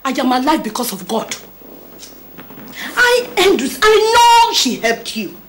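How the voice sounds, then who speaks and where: A woman's voice: sits high, big pitch swings, unhurried, a bit bright, a little hiss or hum, exaggerated voice. A woman with a Nigerian accent playing a stern aging mother who forbids her son's marriage, in a film drama. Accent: Nigerian English. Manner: pleading then threatening, emotional. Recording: film soundtrack with music.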